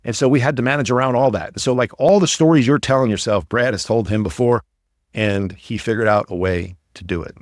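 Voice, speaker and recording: A man's voice: medium pitch, a little fast, no echo, clean studio sound. A man hosting a podcast, talking in an upbeat, motivational, rambling way. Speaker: podcast host and coach. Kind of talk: casual podcast talk.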